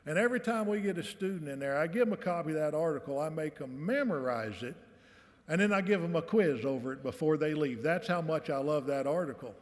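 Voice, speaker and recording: On stage in a large, reverberant hall, a man with a brisk, high-leaning voice reads a commencement speech at a podium microphone. He tells stories in a folksy, animated way, voicing the quotes.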